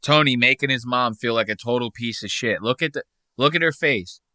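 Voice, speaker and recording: A man's voice: medium pitch, fairly quick, pushed and bright, no echo, clean studio sound. A man hosting a podcast, giving crude, mocking, rambling commentary in a casual tone. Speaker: podcast host.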